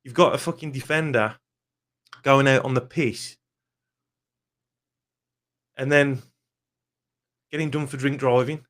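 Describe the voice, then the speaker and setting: A man's voice: medium pitch, steady tone, slow pace, long pauses, a bit bright. Fuming man ranting about football. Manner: angry, swears often, blunt. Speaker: football fan vlogger. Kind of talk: ranting fan vlog.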